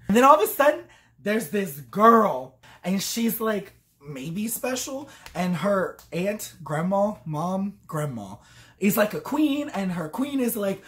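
A woman's voice: mid-range voice, normal speed. A tipsy woman vlogger giving a rambling comic review, swearing freely and acting out quotes along the way.

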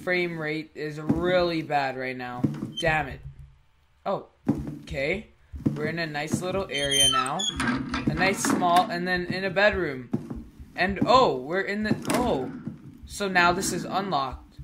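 Slow-talking gamer over loud hiss. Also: mid-range voice. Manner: slow, mumbling play-by-play. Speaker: gaming YouTuber. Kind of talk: horror game commentary. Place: own room at home. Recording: loud background noise.

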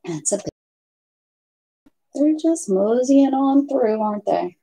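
A woman's voice: high-pitched, lively intonation, takes it slowly, mellow. A woman hosting a casual craft livestream from home, chatting and rambling to viewers and her pets. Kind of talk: casual live chat with viewers.

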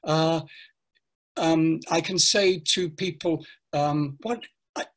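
Older male teacher trainer on a video call, husky and a touch high, playful and animated. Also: slow. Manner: playful, animated, acts out classroom lines. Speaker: pronunciation teacher trainer, guest. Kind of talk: casual interview talk.

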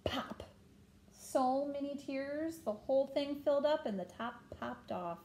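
A woman reading a children's picture book aloud to a child, gently stopping to point at pictures and ask questions. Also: high voice, expressive, normal speed, slight background noise.

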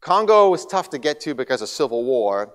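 A man's voice: medium pitch, fairly quick. Man speaking in a reverberant hall. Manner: lively storyteller, grows loud and excited in anecdotes. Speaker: guest speaker. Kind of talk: church seminar talk.

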